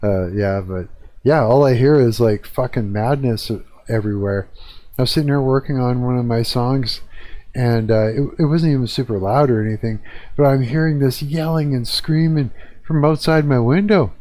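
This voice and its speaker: A man's voice: medium pitch, normal speed, warm tone, no echo. Profane, rambling man ranting. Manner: rambling, profane, agitated complaining. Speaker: live streamer. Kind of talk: casual rant. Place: own apartment.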